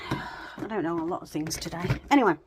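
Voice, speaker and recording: A woman's voice: on the low side, moderate pace, noisy background. A woman vlogging casually from her home craft room, chatty and self-deprecating, rambling with plenty of fillers. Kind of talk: casual chat to camera.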